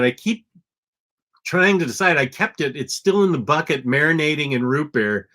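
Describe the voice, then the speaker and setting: Blunt man with a bright, sharp voice. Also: a little high, normal speed. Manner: blunt and opinionated, with frequent ums. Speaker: podcast co-host. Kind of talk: casual comic book chat.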